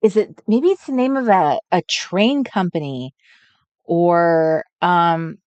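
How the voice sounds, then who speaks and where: Greeting viewers by name and thinking out loud, a chatty woman runs a crafting livestream from a desk with an overhead camera. She speaks slowly and expressively in a lowish, darkish voice, and the recording is dry.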